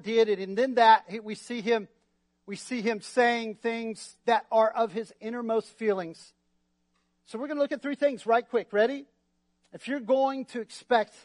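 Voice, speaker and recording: A male pastor preaching a sermon in a lively, joking way, often asking the congregation for responses. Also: high-pitched, dry recording. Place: church.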